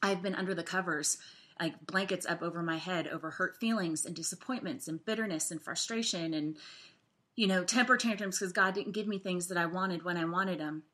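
A woman tells a heartfelt story in a casual devotional vlog, earnest and chatty, with fillers scattered through her sentences. Her voice sits a little low for a woman but sounds bright and forward. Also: a little fast. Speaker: faith vlogger.

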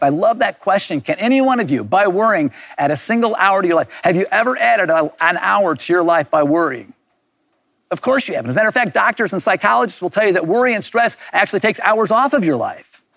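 A man's voice: high voice, gravelly, a bit bright, dry recording. A middle-aged man giving an earnest, reflective sermon as a pastor, repeating key words for emphasis. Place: recorded for online viewers.

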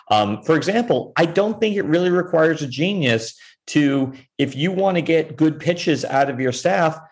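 A man who is a TV showrunner, answering interview questions candidly, rambling with many restarts and self-deprecating asides. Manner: self-deprecating, pitch jumps up on emphatic points. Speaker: TV showrunner, podcast guest.

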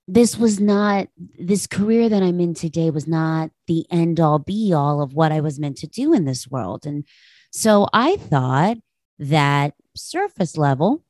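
A woman's voice: low-pitched, darkish tone, no echo. A woman hosting a podcast, telling a personal story in a candid, reflective way and laughing easily. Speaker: podcast host.

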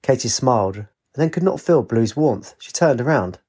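A man narrating a storybook in a steady, expressive reading voice. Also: mid-range voice, moderate pace.

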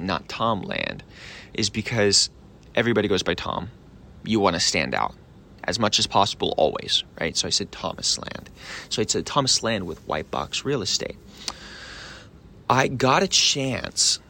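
Young man, podcast host, bright voice, lowish pitch, casual sales talk, keeps saying right. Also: a little hiss or hum. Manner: excited, acts out both sides of a sales call. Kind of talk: solo podcast monologue.

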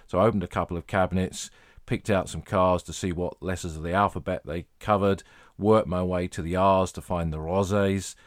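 A middle-aged English man with a low, deep voice tells battlefield history in a measured, anecdotal way. The recording is dry and close, with no room sound around him. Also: steady tone, no echo. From England. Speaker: podcast host, battlefield historian. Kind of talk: podcast narration, guided tour talk.

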